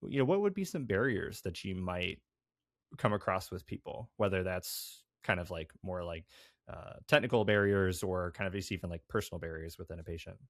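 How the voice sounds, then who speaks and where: Male host, very deep voice, dry close audio, loose filler-heavy questions. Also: animated, a little fast, a bit bright, no echo. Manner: hedging, heavy filler words. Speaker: podcast host. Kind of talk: casual interview chat.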